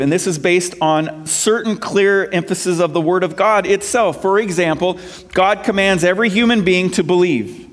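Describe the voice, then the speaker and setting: Man, pastor, preaching a sermon, slightly high voice, asks the congregation questions. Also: moderate pace.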